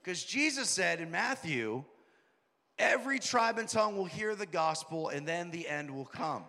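A man preaching a sermon, telling a story and quoting people in a lowered voice. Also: vocal fry, bright, forceful tone. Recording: long hall reverb.

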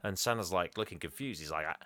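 A man recapping a film in casual comedic chat, laughing and acting out the lines in quick voices. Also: low voice, a bit bright. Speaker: podcast host recapping a film.

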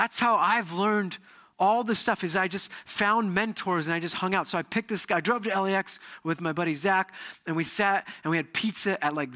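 A man preaching a sermon with a bright, forceful voice set a little high. He tells stories with lots of animation and acts out the people in them. He sounds like a middle-aged pastor speaking in church. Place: church sanctuary.

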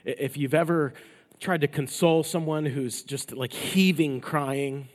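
A male pastor preaching a sermon, rising to loud emphatic passages and dropping to hushed endings. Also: on the high side, a little slow. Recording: long reverb of a large hall.

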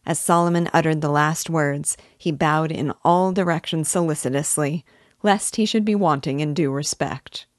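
Woman teacher reading a novel out loud, low voice, dry close sound. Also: no room sound. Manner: measured, expressive reading. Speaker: literature teacher.

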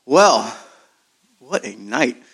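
A man leading church teams, hoarse from singing, speaking in a loose, rambling way with lots of fillers. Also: mid-range voice, very animated, extremely slow, a bit bright. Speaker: church team leader. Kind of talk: casual church talk. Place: church service in a large room.

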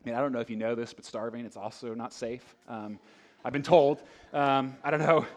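A man preaching a conversational sermon, asking the room rhetorical questions and swinging between loud emphasis and hushed asides. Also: mid-range voice, steady tone, brisk. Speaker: pastor.

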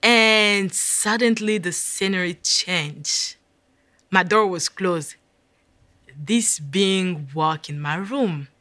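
A woman's voice: mid-range voice, drawn-out words, bright, forceful tone, no room sound. A woman telling her personal faith testimony in an intense, emotional way. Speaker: speaker sharing a testimony.

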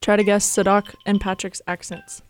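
A woman's voice: medium pitch, flat delivery, normal speed. A woman co-hosting a casual radio show in a studio, upbeat and giggly as she runs the segment. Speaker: college radio co-host. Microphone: studio microphone.

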